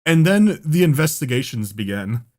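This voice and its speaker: A young man casually telling a story on a podcast, animated and profane, often breaking into laughter. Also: medium pitch, normal speed. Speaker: podcast co-host.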